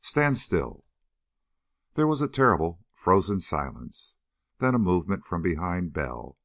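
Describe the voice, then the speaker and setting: A man narrating an audiobook of an adventure novel in a steady, expressive reading. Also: sits low, moderate pace, no room sound, studio quality. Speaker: audiobook reader.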